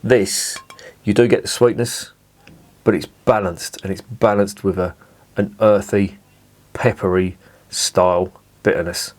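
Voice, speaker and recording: Chatty man reviewing beer, low voice. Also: steady tone, measured pace, a little mellow. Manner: chatty, rambling, savouring. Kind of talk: casual tasting review to camera.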